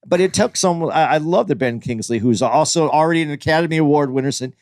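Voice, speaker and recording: A man's voice: on the high side, fast talker, no room sound, clean studio sound. A man co-hosting a podcast, telling stories in casual chat and acting out quotes. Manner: animated storyteller, acts out quotes. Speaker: podcast co-host.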